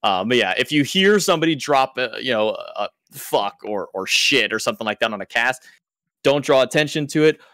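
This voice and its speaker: A man's voice: mid-range voice, animated, fairly quick, fairly bright tone, no echo, clean studio sound. A man who works as an esports caster, explaining things in loose casual podcast talk with lots of filler words.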